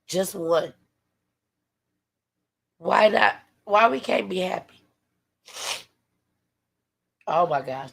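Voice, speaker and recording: A tired woman hosting her own livestream, speaking from the heart to her viewers. Her voice sits fairly low and has a gravelly rasp. Now and then her words sink to a near whisper. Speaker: livestream host. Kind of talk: emotional livestream talk.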